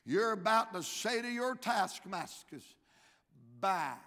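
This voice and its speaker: Southern preacher from Georgia, man, bright high voice, comic stories rising to shouts, big hall reverb. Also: expressive, measured pace. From Georgia, USA. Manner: humorous storytelling building to shouted climaxes. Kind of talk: sermon.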